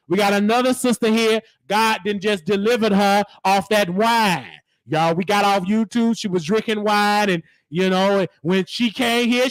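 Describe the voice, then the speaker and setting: A man's voice: high-pitched, a bit bright, no echo. A man delivering a comedic mock sermon in a preachy, scolding church cadence. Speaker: host.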